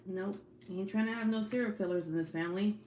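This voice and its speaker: A woman's voice: medium pitch, fast talker, a little mellow, a little hiss or hum. A mother chatting casually with her viewers, joking about her kids, laughing often and swearing freely in slangy talk. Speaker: livestream host chatting with viewers; mother of several young kids. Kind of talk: casual chat.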